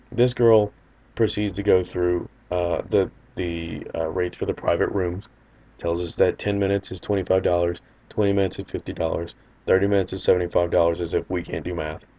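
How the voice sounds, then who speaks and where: A man's voice: low-pitched, fairly even intonation, fairly quick, warm tone, dull audio. A man casually telling a personal anecdote in a loose, rambling, wry way. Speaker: storyteller.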